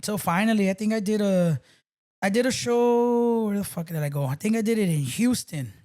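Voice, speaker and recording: A man's voice: high-pitched, a little fast, darkish tone. A man, a guest on a podcast, chatting casually and telling loose stories with swearing and bits of Spanish. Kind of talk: casual chat.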